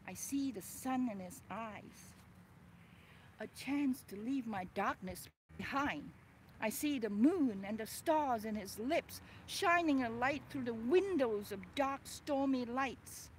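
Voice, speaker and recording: A woman author reading her own memoir aloud, expressive and dramatic, breaking off for chatty asides. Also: fairly high pitch, takes it slowly, a little hiss or hum. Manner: expressive, swings between soft and loud, chatty asides.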